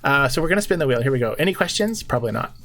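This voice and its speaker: A man's voice: mid-range voice, animated, very fast, a bit bright. A man in his forties co-hosting a live stream in casual chat, joking and thinking aloud as he goes. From Canada.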